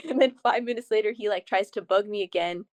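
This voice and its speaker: A young adult woman, a guest's daughter, chatting casually in an interview with lively, animated storytelling. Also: mid-range voice, brisk, no room sound.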